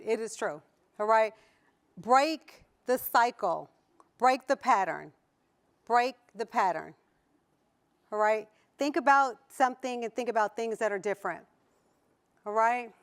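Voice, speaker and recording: The speaker is a woman whose voice is a little high and smooth, with a Southern US accent. She gives a motivational keynote to a conference hall audience, playful, often laughing, and putting questions to the crowd.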